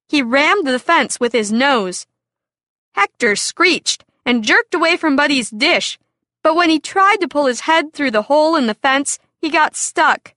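A woman reading a children's story aloud in a clear, expressive storytelling manner. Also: high-pitched, measured pace, no room sound, clean studio sound.

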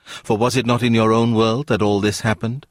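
A gentle, wise woman from an unfallen world, voiced by a man reading aloud, speaking calm and earnest. The voice sits only a little above his own low register. The recording is close and dry. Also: normal speed, no echo, lightly acted. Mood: serene.

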